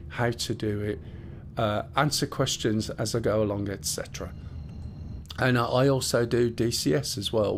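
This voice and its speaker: A man's voice: medium pitch, slight background noise. A man casually chatting and explaining things as he live-streams a game, rambling and swearing a bit. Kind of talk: live gameplay stream chat.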